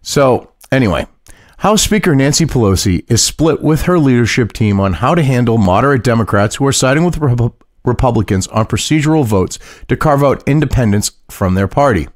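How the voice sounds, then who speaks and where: A man's voice: mid-range voice, expressive, fairly quick, no echo, studio quality. A man hosting casual political commentary, mocking and profane, reading news aloud and reacting to it. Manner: mocking, profane, laughs at his own jokes.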